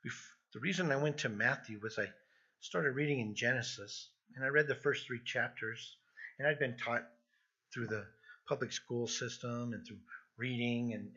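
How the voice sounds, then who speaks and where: Bright, husky-voiced man preaching. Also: mid-range voice. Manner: earnest, repeats words when emphasizing. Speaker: pastor. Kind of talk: expository sermon. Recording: dull lo-fi sound.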